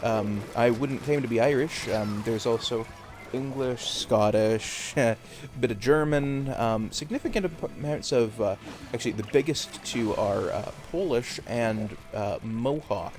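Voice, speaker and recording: A man's voice: mid-range voice, a little slow, hardly any pauses, a little mellow. A Canadian man chatting casually on a live game stream, rambling and hesitant with many fillers.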